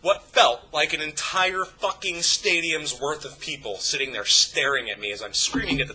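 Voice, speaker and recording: A man's voice: mid-range voice, normal speed, sharp tone, slight background noise, rough recording. A young man telling a rambling, profane story to his vlog audience, full of fillers and restarts. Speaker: YouTube vlogger. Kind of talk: casual anecdote told to camera.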